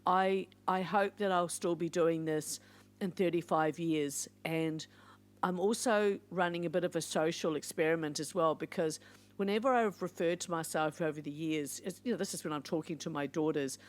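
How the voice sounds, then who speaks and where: An older woman talks through a casual podcast monologue. Her voice sits a little low. She is warm in an encouraging way and wanders into playful asides. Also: normal speed. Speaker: podcast host.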